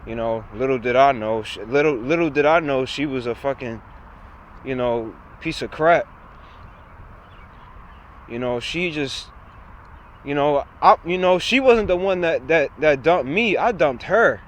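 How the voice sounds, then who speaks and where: A man's voice: medium pitch, expressive, a little slow, long pauses. A young man, rambling and swearing a lot as he vents to the camera outdoors. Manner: rambling, repetitive, frequent profanity. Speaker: vlogger. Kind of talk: casual rant to camera. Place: outdoors by a busy road. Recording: outdoor street noise and wind. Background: traffic and trucks.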